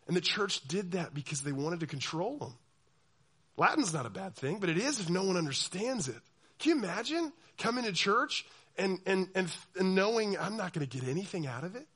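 A young man preaching a sermon to a youth group, animated and acting out the voices of people he quotes. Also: sits high, brisk, breathy edge. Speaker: youth pastor.

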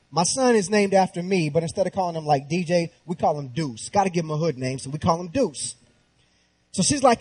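A man in his thirties preaching through a comic personal story, animated and slangy. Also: sits high, fairly quick, breathy edge. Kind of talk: humorous sermon storytelling.

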